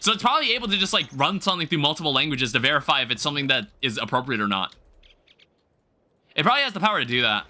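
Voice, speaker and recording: A man's voice: on the high side, big pitch swings, very fast, sharp tone. A man livestreaming a game, chatting casually with viewers in a rambling, self-correcting way with the odd light swear. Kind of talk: casual gameplay commentary.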